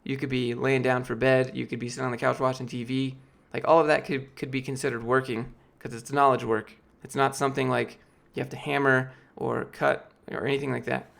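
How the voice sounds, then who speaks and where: A man in his late twenties from Georgia, US, answers live-stream chat questions in a casual ramble, filler-heavy and often restarting, as his voice gives out. He speaks a little fast with few pauses, in a level, fairly bright mid-range voice with vocal fry.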